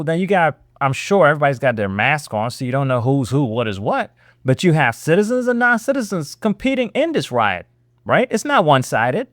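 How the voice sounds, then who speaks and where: Animated, high-pitched sarcastic man. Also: dry recording, studio quality. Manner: sarcastic, animated, rhetorical questions. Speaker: host. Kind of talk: political reaction commentary.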